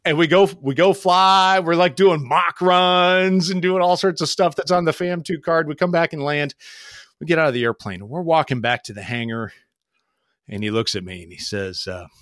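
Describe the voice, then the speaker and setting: Animated storytelling man, dry close sound. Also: on the high side, normal speed, no room sound. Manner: animated, acts out quoted voices. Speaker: podcast guest telling flying stories. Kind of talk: casual storytelling.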